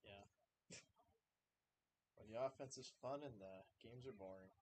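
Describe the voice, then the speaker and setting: A man's voice: mid-range voice, a little slow, a little mellow, slight background noise. A man co-hosting a casual live stream, making wry jokes and laughing. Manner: joking, laughing, wry asides. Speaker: podcast co-host.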